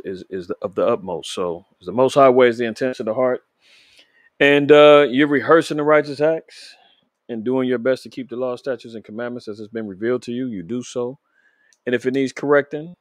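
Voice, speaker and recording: A man hosting a casual religious commentary podcast, talking straight to his audience with preachy, animated rhetorical questions. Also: medium pitch, dry recording. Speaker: podcast host.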